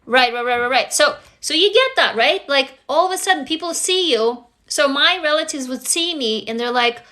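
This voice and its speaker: Woman, high pitch, bright forceful tone, raw and profane livestream talk. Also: normal speed, few pauses. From Russia. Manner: raw, intense, profane, repetitive. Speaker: livestream host. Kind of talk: emotional livestream monologue.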